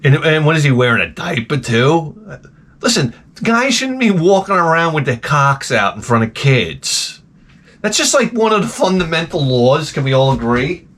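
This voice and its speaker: A man's voice: on the high side, sing-song, moderate pace, fairly bright tone. A man hosting a casual talk show, rambling and ranting crudely, often slipping into mocking voices. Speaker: podcast host. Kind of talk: rambling profane casual chat.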